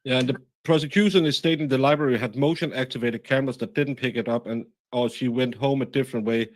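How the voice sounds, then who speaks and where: A man hosting a casual livestream, halting and full of fillers, reading chat comments aloud. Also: mid-range voice, steady tone, no room sound. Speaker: livestream host.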